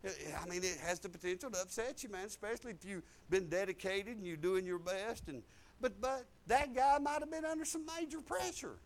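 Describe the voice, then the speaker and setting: A man, a preacher telling his own story in a folksy way that swings between loud and soft. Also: sits high, fairly quick. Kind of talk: preaching testimony.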